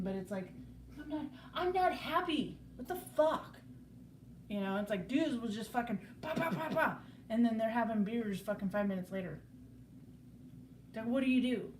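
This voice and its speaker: On a live stream, a woman with a medium-pitched, darkish voice chats casually, rambling and swearing freely while circling back to "you know, it's like." The sound is roomy, from a distant mic, with faint background noise.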